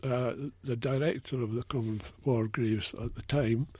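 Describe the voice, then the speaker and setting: A man's voice: medium pitch, steady tone, moderate pace, a little mellow, slightly rough, no room sound. An older man with a Scottish accent, telling stories in a casual radio interview, with a chatty manner full of fillers. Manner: chatty, anecdotal, many fillers. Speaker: interview guest, local war researcher.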